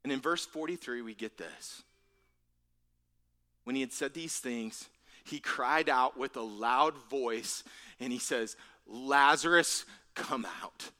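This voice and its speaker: A man's voice: mid-range voice, slow, long pauses, pushed and bright. A man preaching a sermon in an earnest, conversational way, often repeating words and dropping to a near whisper for emphasis. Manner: repeats words and restarts phrases. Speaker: pastor.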